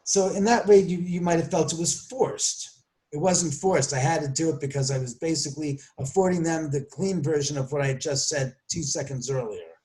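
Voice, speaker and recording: Animated man telling a story. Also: a little high, moderate pace. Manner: animated, acts out quoted voices; restarts and self-corrections. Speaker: podcast guest. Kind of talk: storytelling interview.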